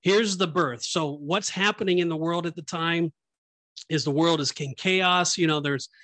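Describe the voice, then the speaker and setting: A man's voice: fairly high pitch, moderate pace, a bit bright, no room sound. Easygoing man explaining scripture. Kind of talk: casual chat.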